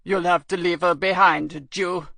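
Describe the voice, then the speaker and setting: A woman puts on a bullying male customs official from an audiobook, gruff and contemptuous. The voice sits low and is recorded close and dry, with no room sound. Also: fairly even intonation, unhurried, a bit bright, no echo. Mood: sneering. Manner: gruff, sneering.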